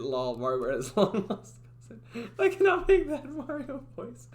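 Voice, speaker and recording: A woman's voice: extremely low pitch, wildly swooping pitch, measured pace. A woman game developer chatting casually on a livestream, giggling and rambling through restarts. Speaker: streamer and indie game developer.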